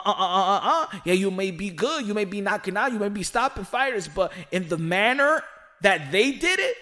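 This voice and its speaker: A man hosting casual boxing commentary, talking in loose, slangy speech. His voice sits fairly high for a man, and he gets animated and repeats words when he gets worked up.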